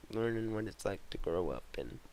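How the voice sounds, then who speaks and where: A young man telling his life story in a vlog, halting and emotional with many fillers and restarts. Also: fairly low pitch, animated, darkish tone, slight background noise, low-quality recording. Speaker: vlogger telling his memoir. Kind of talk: personal memoir vlog.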